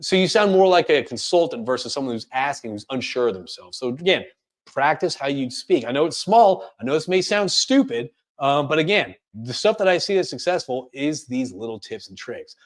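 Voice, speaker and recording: A man presenting a career coaching webinar, speaking rapidly and energetically with frequent fillers and restarts. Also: medium pitch, very animated. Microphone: webinar microphone.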